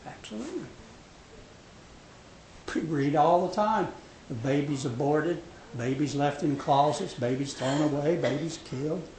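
Man, preacher, sermon, dramatic loud-to-hushed delivery, slightly high voice, echoey hall, faint noise. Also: normal speed. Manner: dramatic, swings from loud to hushed when quoting God.

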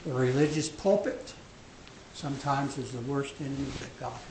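A man preaching a sermon, dramatic, swinging from loud to hushed when he voices God's words. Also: mid-range voice, steady tone, moderate pace. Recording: echoey hall with faint noise.

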